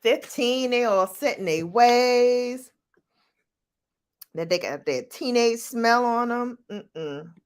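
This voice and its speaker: A middle-aged woman vlogger chatting casually with viewers, animated and laughing as she tells stories. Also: slow, smooth. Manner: animated, laughing, jumps into high-pitched quoted voices. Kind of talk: casual chat answering viewer questions.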